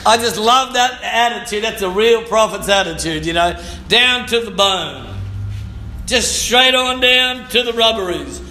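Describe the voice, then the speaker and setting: A man preaching with a high, very bright voice that rings in an echoey church room. He speaks slowly and fervently, repeats his phrases and now and then shouts or sings a line. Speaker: pastor. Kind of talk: sermon.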